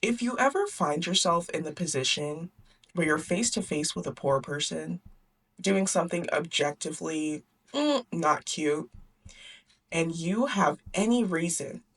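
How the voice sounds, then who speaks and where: A woman's voice: low voice, lively intonation, unhurried, a bit bright, slightly rough, far from the mic. A young woman hosting a book club, recapping a story in a chatty, sarcastic way, often laughing and acting out the characters. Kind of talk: casual book recap and commentary.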